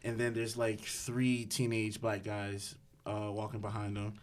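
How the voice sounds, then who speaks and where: A man's voice: on the low side, monotone, measured pace. A man with a New Jersey accent in a casual podcast chat, telling stories bluntly and swearing freely. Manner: storytelling, profane and frank.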